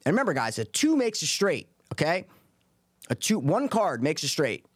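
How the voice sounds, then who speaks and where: Animated man telling a story. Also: fairly high pitch, normal speed, husky, dry recording, studio quality. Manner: animated, swears freely, acts out quotes. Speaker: podcast co-host telling a poker story. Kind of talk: casual storytelling chat.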